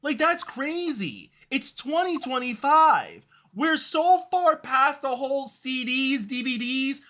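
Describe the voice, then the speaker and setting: A game streamer ranting casually late at night, exasperated and animated, repeating "like" and whole phrases. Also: sits high, slow pace. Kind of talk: casual late-night rant while gaming.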